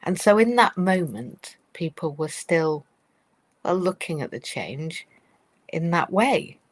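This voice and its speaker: A woman's voice: lowish voice, big pitch swings, takes it slowly, dry recording, low-quality recording. Woman telling a story, dry close sound. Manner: storytelling, often acts out other people's worried voices; conversational, with fillers and asides to listeners. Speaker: speaker on change in organisations. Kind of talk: live-streamed talk.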